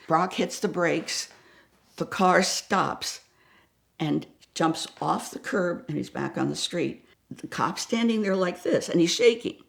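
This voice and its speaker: An older woman from the New York area tells a story with a fair bit of gravel in her fairly low voice. She acts out every character and drops to a hush at the tense moments. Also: slow pace. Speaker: guest storyteller. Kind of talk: animated anecdote telling.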